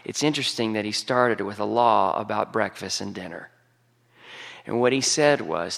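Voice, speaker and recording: Southern pastor, gravelly voice, folksy and joking, preaching in a large hall with long reverb. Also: male voice, lowish voice, normal speed. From Southern United States. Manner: folksy and joking, animated storytelling. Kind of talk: humorous sermon.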